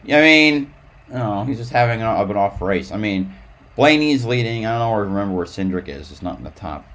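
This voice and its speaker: A man's voice: lowish voice, lively intonation, a little fast, fairly bright tone. A man live-streaming casual race commentary in a rambling way, with frequent restarts.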